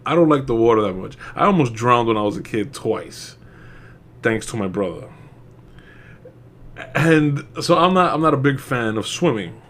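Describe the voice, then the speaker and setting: A man's voice: medium pitch, animated, normal speed, pauses often, a bit bright. A young man casually reviewing a movie, rambling with frequent laughs, swearing and mocking asides.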